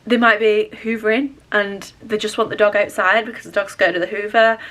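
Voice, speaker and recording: A woman's voice: medium pitch, steady tone, brisk, a bit bright. A young woman, chatting casually to camera in her bedroom, rambling and self-deprecating. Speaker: vlogger. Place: bedroom at home.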